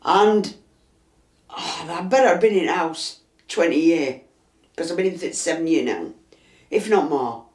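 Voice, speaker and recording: An older woman with a Yorkshire accent and a chesty cough tells a story inside her house, acting out the dialogue as she goes. Her voice is fairly low, a little slow, and she pauses often. She's a resident being interviewed, and the recording has a roomy echo.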